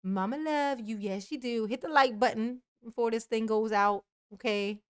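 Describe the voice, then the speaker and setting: A woman's voice: on the high side, moderate pace, clean tone. A woman hosting a casual livestream sign-off, drawling affectionately, calling herself Mama and laughing often. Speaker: YouTube channel host.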